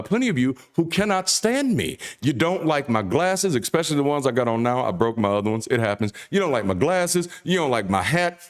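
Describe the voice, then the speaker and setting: Emphatic preacherly man, baritone. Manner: emphatic, repetitive, profane, rhythmic cadence. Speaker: host and preacher. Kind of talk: impassioned preacherly monologue.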